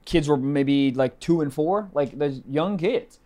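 A young adult man co-hosting a comedy podcast, telling crude stories in an animated, casual way. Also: a little slow. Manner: animated, crude storytelling that leaps up in pitch. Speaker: podcast co-host.

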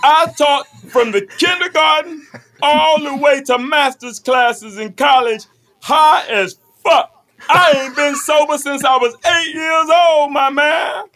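A man playing a stoned coffee shop worker in an improv comedy sketch, loud and boastful. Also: very high-pitched, normal speed, faint music behind, poor audio.

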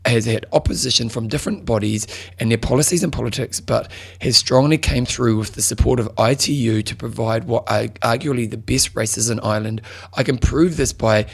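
A middle-aged man co-hosting a casual podcast, joking and bantering with his partner. His voice is gravelly with a husky edge. He reads listener notes in an easy, chatty way. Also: medium pitch, a little fast, hardly any pauses. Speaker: podcast co-host. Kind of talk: casual chat.

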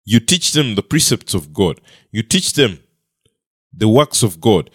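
A man's voice: on the low side, very animated, unhurried, husky, dry recording, clean studio sound. A man preaching a sermon with an emphatic delivery, repeating phrases and letting his voice rise and fall.

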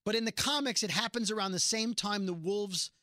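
A man's voice: high-pitched, a little fast, dry recording, studio quality. A man co-hosting a casual podcast, recapping episodes and acting out lines from scenes. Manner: animated storyteller, acts out quotes. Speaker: podcast co-host recapping a TV show. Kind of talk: casual chat.

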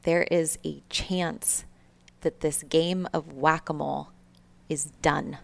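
A woman's voice: sits low, fairly even intonation, slow pace, gravelly. A woman in her thirties, a podcast guest telling a candid, emotional personal story with swearing and laughs.

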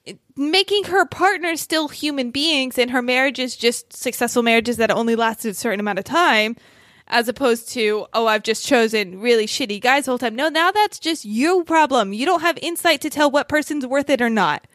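High-voiced, sarcastic young woman. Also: animated, moderate pace, a bit bright, no room sound, studio quality. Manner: critical, sarcastic. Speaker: podcast co-host. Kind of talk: casual movie review chat.

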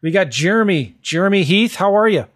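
A man's voice: sits high, animated, fairly quick. A man hosting a podcast, chatty and upbeat, promoting his book and interviewing a guest. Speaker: podcast host.

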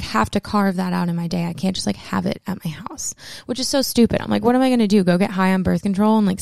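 A young woman talks candidly and emotionally into the camera, her words tumbling out with plenty of fillers. Her voice is mellow and dark, with a strong gravelly fry. The sound is dry and close, with no room around it. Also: mid-range voice, no echo. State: close to tears at times. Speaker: vlogger. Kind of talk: personal storytelling to camera.

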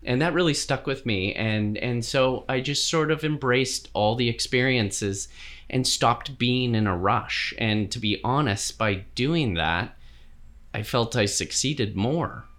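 A middle-aged man, a TV director, answering interview questions in a reflective, measured way with frequent fillers. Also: mid-range voice, a bit bright. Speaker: TV director, guest.

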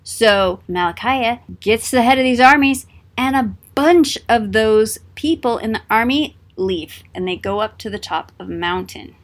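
A woman casually retelling an old story in a playful, lively way. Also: fairly high pitch, moderate pace.

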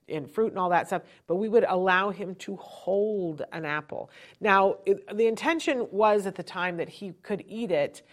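Low-voiced woman sharing parenting tips. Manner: chatty, often checks in with "right?"; lowers her voice to show winding down. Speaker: host, parent giving advice. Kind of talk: conversational advice talk.

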